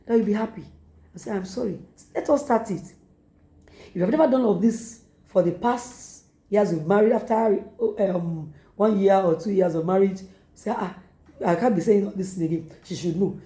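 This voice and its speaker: Nigerian woman pastor preaching, mellow voice. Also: mid-range voice, reverberant. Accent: Nigerian English. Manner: repetitive exhortation with acted quotes. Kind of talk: sermon.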